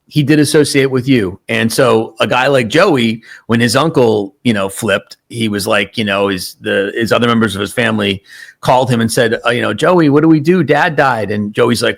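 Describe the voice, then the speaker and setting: A man hosting crime commentary, talking casually in a mocking, animated way and quoting others. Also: on the low side.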